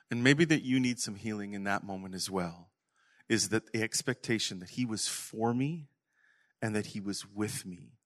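A middle-aged male pastor preaching a sermon earnestly to his congregation, sometimes falling to a soft whisper. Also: fairly low pitch. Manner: earnest, drops to soft whispers when quoting God.

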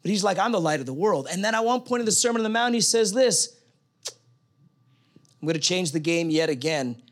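A man's voice: high voice, brisk. A man preaching a sermon, reading scripture aloud in a conversational, emphatic way.

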